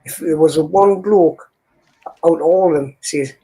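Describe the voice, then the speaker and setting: Brief: man, husky and warm, who talks steadily through a story. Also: on the high side, measured pace. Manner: steady, quotes conversations with "I says". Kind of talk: casual chat.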